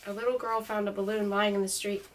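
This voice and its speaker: A woman reading a storybook aloud in a calm, even way, her mic a little distant. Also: medium pitch, fast.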